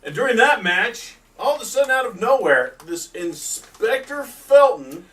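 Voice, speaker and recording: A man's voice: very high-pitched, very animated, unhurried, a bit bright, distant mic. A man recapping wrestling matches as co-host in a dry, teasing way, recorded a bit away from the mic.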